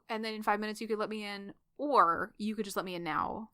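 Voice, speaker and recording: Woman podcaster recapping a fic, bright clear voice, acts out the lines, laughs a lot. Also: mid-range voice. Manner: animated retelling with quick voiced quotes and laughs. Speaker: podcast co-host. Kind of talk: casual fanfic recap chat.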